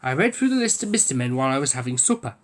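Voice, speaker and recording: A man reading a children's picture book aloud, telling the story with lively delivery. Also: very fast. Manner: lively storytelling, raising pitch for quoted speech. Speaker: book reader.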